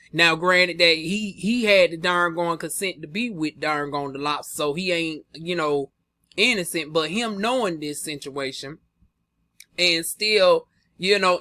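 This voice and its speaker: A sassy, flamboyant young man dishes celebrity gossip to his viewers in a high, lively voice. His tone is bright and sharp, and the recording is dry and close, with no room sound at all. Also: no room sound. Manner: sassy and flamboyant, full of "honey" and drawled asides. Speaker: gossip vlogger. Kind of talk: casual gossip commentary.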